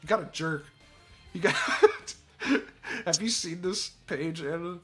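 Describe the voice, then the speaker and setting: This streamer, voice at a medium pitch and pace slow, reads an article aloud in a relaxed chat. Disbelief drives the ranting, punctuated by abrupt shouts and coarse, teasing jokes over quiet background music.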